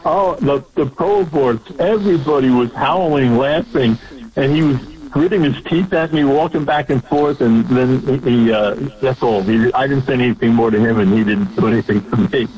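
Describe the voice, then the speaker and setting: A male host telling a short story about a protest in a plain, steady way. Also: medium pitch, normal speed. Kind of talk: casual storytelling. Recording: dull lo-fi sound.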